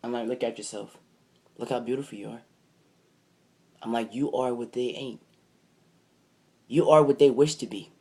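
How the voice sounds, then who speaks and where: A man's voice: mid-range voice, steady tone, moderate pace, long pauses, warm tone. A young man vlogging a casual, rambling story, swearing freely and retelling it line by line. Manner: rambling, profane, retells with "I'm like".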